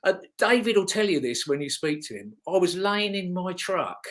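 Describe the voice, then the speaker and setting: Middle-aged guy, chatty rambling stories, slightly high voice. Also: animated, normal speed. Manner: rambling, chatty, with restarts and chuckles. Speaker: guest, former motocross racer. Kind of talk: casual anecdotal storytelling.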